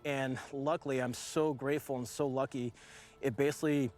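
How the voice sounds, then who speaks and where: A man's voice: mid-range voice, steady tone, normal speed, a little mellow. Rambling man telling a war story. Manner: rambling, full of "like" fillers. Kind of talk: casual storytelling.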